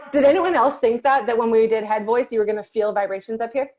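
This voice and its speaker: A woman's voice: a little high, brisk, darkish tone, dull audio. A woman voice teacher leading an online group lesson over a video call, patiently asking the class questions and waiting for answers.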